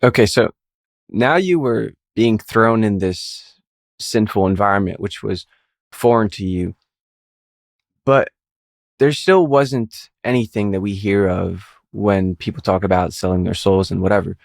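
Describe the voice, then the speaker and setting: Low-voiced guy hosting, calm recap then a question, dry close sound. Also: creaky, dry recording. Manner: measured, recapping before asking. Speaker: host. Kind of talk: interview questions.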